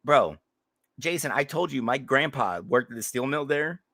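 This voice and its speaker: Bright-voiced, emphatic podcast co-host. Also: male voice, mid-range voice, expressive, moderate pace, no echo, clean studio sound. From Northeast Ohio. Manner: emphatic, profane, argumentative. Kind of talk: casual podcast banter.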